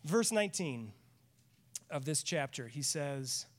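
A man preaching with earnest, emphatic drive, his voice sitting high for a man. He is a middle-aged pastor giving a church sermon, often repeating a line to press it home. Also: animated, moderate pace, a bit bright. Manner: earnest, emphatic, laughs at times, repeats lines for stress. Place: church sanctuary.

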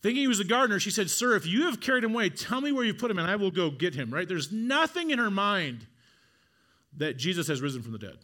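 A man preaching a sermon, retelling a scripture story dramatically, dropping to a hush and then building to emphatic repeated phrases. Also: sits high, big pitch swings, fast.

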